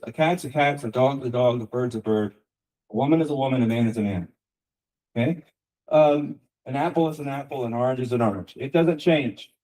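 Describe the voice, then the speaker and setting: A man's voice: fairly high pitch, warm tone, low-quality recording. An American man giving a university guest lecture in a conversational teaching manner, asking rhetorical questions and checking in with "okay" and "right". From United States. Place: lecture room.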